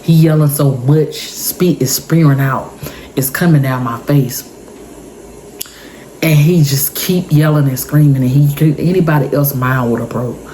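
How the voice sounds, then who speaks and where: A woman's voice: deep voice, unhurried, warm tone, a little hiss or hum, poor audio. A woman in her thirties, telling an intense personal story for her vlog in an emotional, repetitive way. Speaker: vlogger. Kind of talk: story time monologue.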